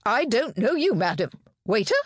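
Woman doing a shrill, snappish fiancé. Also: sing-song, moderate pace, no room sound, studio quality. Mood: earnest, indignant. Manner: shrill and snappish when rattled. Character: pompous, indignant fiancé, a man.

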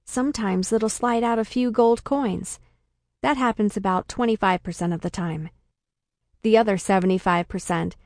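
A woman narrating a first-person comic story with a dry, deadpan delivery. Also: mid-range voice, no room sound. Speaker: audiobook narrator.

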